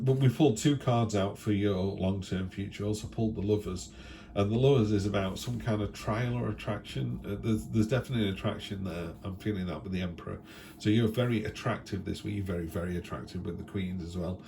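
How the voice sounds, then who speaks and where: A man's voice: lowish voice, a little fast, vocal fry, dark tone, a little hiss or hum. A man giving a casual weekly tarot reading from home, rambling along in a chatty way and often checking in with tag questions. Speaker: tarot reader.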